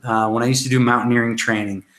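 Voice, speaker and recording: A man's voice: medium pitch, level tone, fast talker, fairly bright tone. A man coaching a self-help workshop, talking loosely and swearing freely as he demonstrates exercises to camera. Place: indoor room. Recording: roomy echo, faint noise.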